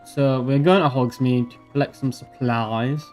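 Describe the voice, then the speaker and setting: A man's voice: mid-range voice, fairly even intonation, a little slow, darkish tone. Joking man streaming a game. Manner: joking, repeats words while thinking. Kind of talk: casual gameplay commentary. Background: game music.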